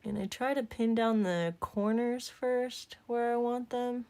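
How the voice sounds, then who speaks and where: Southern woman, vlogger type, gravelly fry in her voice, joking and rambling as she works. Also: on the high side, fairly even intonation, unhurried, warm tone. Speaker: makeup vlogger. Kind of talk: casual chatty tutorial.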